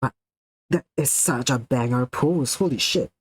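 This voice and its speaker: A man streaming live, chatting casually with his viewers, excitable, swearing freely and laughing often as he reacts to their messages. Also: mid-range voice, measured pace, breathy edge, rough recording.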